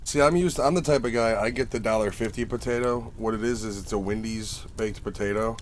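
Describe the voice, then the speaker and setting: A man with a fairly low voice hosts a casual chat, talking fairly quickly and telling stories laced with swearing, animatedly acting out the people in his anecdotes. A little hiss or hum is present.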